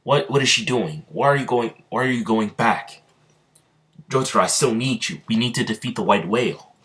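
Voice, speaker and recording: A man's voice: medium pitch, expressive, moderate pace, a bit bright, voice pushed up, lightly acted. A man doing an anxious young hero, urgent. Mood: pleading.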